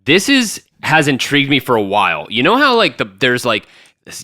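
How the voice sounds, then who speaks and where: A young man co-hosting a casual podcast, talking in an animated, jokey way with lots of restarts. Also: mid-range voice, moderate pace, no echo, studio quality. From Tampa, Florida. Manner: animated, jokey, jumps in often, many restarts. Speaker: podcast co-host. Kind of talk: casual chat.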